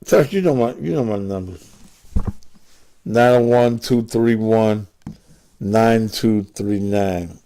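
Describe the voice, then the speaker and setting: A man hosting a call-in talk show, posing provocative, drawn-out rhetorical questions to his listeners. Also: lowish voice, mellow.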